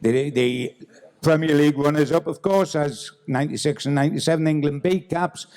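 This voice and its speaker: Man, event host, stage interviewer, somewhat high pitch, announcer-style. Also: steady tone, normal speed, darkish tone, in a large hall. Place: theatre stage.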